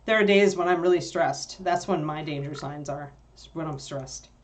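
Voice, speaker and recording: A woman's voice: low voice, moderate pace. A woman co-hosting a livestream, chatting casually with viewers, rambling with lots of fillers and easy laughs. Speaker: livestream co-host answering chat. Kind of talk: casual chat.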